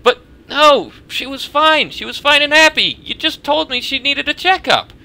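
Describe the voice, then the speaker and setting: A man voicing a grieving young mother in a high, pleading falsetto, reading a game's story aloud. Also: big pitch swings, a little slow, bright, forceful tone, heavily acted. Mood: distraught.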